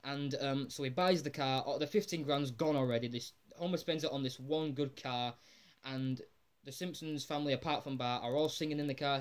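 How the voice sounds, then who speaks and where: A man's voice: medium pitch, a little fast, clear, resonant tone. Rambling man recapping an episode. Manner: rambling and excitable, full of "like" and casual swearing. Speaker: episode reviewer. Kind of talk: casual spoken episode recap.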